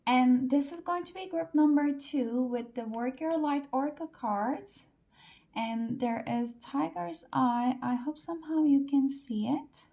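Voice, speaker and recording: A woman's voice: sits high, measured pace, warm tone. A woman doing a casual pick-a-card tarot reading, talking loosely with lots of "like" and "uh" fillers. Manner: chatty, loose, many fillers like "like" and "uh".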